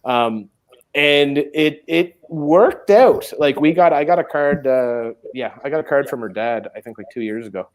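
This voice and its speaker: A man's voice: a little high, measured pace. A man casually telling a long funny story on a chat stream, acting out the other people's lines. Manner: animated, acts out quoted voices. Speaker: co-host.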